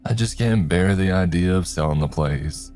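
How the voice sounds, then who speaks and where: A man's voice: sits low, normal speed, a little mellow, soft background music, close to an everyday voice. A man voicing a folksy older male client who talks in easygoing country phrases.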